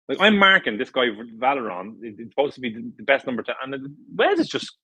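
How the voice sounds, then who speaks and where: A man's voice: medium pitch, sing-song, a little fast, bright, forceful tone, husky, dry recording, low-quality recording. A middle-aged Irish man, a former footballer, telling stories in a casual interview, rambling with many restarts and fillers. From Ireland. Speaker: former footballer, podcast guest.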